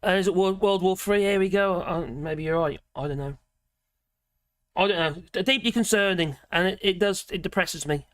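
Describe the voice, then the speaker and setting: Her voice sits on the low side and moves at a moderate pace; the recording is dry and studio quality. As a livestream host she chats casually and wanders from point to point while reading viewer comments aloud, regularly interrupting herself with laughter.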